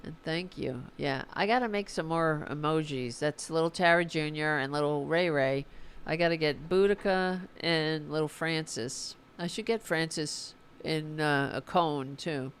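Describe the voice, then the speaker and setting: In a low, clean-toned voice, this weary livestream host talks politics unhurriedly and with few pauses. She's informal and profane, heated about the issues as she goes through the chat and wraps up the stream.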